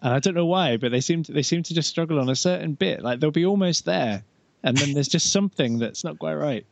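A man's voice: on the high side, fairly quick, gravelly, background noise. A British man hosts a casual interview, asking friendly, curious questions and laughing easily. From United Kingdom. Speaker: interview host.

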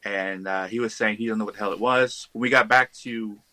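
A man, a podcast guest, telling a ghost story in a casual, animated way. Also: lowish voice, a little fast, no echo, low-quality recording. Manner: animated, acts out quoted voices.

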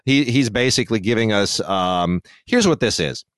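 Low-voiced opinionated man. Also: expressive, normal speed, no echo, studio quality. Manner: digressive, opinionated, with frequent restarts. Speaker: film reviewer, podcast co-host. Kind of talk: casual chat.

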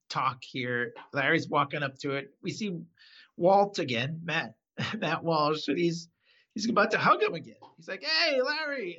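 A man rambling through an animated, laugh-filled retelling in casual chat. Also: on the high side. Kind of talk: casual chat recapping an episode. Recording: slightly dull lo-fi sound.

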